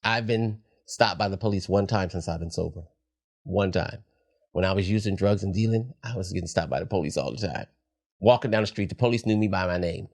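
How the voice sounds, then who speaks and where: A man's voice: on the low side, fairly quick. A middle-aged man, a podcast guest, talking candidly in a reflective, heartfelt way. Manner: reflective, heartfelt, soft-spoken at times.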